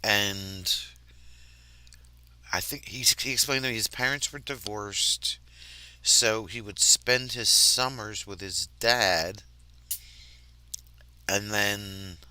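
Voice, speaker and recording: A man's voice: on the low side, sharp tone, clean tone, no echo. An American man from the mid-Atlantic region, hosting a casual chat in an easygoing, rambling way. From United States, mid-Atlantic region. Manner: easygoing, rambling, laughs often. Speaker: host.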